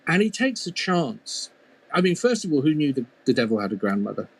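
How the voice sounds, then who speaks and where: Guy telling an old folk tale, playful, jokey asides, slightly high voice. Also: normal speed, husky. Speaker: storyteller and mythologist. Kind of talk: oral storytelling of a folk tale.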